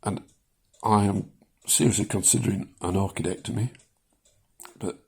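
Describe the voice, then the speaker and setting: Husky-voiced older man, rambling and chuckling. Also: lowish voice, normal speed, a little mellow. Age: 70s. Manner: rambling, self-deprecating, chuckles often, many ums. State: shaking. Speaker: vlogger sharing his cancer experience. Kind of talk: casual personal vlog.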